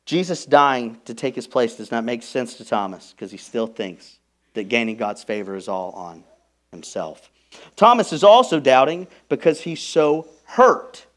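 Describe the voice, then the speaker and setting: A man preaching a sermon as pastor, emphatic, moving from hushed, intimate lines to loud, stressed ones. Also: mid-range voice. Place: church.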